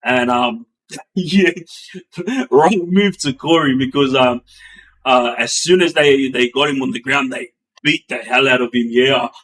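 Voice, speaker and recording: A middle-aged man, a former gang member, casually telling prison stories in an animated way, acting out sounds and quotes with lots of fillers. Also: unhurried. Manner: animated, acts out sounds and quotes with bursts of raised pitch; many fillers and restarts, loose slangy delivery. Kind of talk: casual storytelling.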